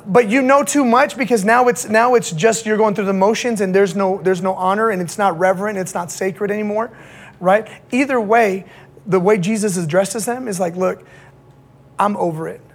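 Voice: medium pitch, moderate pace. A pastor preaching to young people in a casual, slangy way, checking in with the audience again and again.

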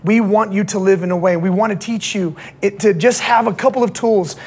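Husky-voiced casual preacher. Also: medium pitch, brisk, darkish tone. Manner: casual slangy preaching with constant "right?" check-ins. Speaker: pastor. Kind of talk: sermon to young people.

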